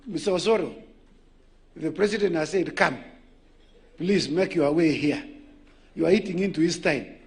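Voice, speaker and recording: A man's voice: a little high, moderate pace, long pauses, a little mellow. A man acting as co-chair and master of ceremonies at a formal event, speaking politely with fillers and addressing dignitaries.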